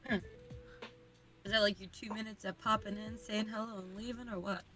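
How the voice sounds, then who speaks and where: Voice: mid-range voice, fairly even intonation, a little fast, bright, forceful tone, faint music behind. A speaker chatting casually in a group call with a dry, wry manner. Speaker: guest in a group chat.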